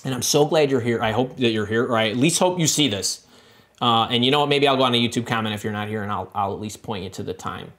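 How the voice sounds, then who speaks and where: Hosting a live career-coaching stream, a middle-aged man answers viewer comments with animated emphasis, repeating words and restarting often. He speaks quickly at a medium pitch.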